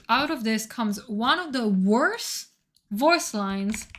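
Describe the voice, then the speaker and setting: A woman streamer talks casually to her chat at a mid pitch. She is excitable and swears freely, rambling as she hunts through her notes.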